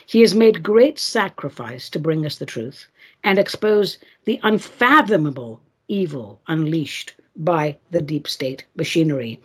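A woman's voice: on the low side, big pitch swings, unhurried, husky. A woman hosting a commentary show, talking in a sarcastic, ranting, scornful way. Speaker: host.

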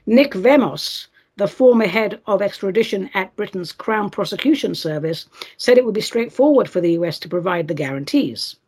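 A woman's voice: medium pitch, animated, moderate pace, a little mellow, slightly rough. A woman hosting a commentary show, talking in a sarcastic, ranting, scornful way. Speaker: host.

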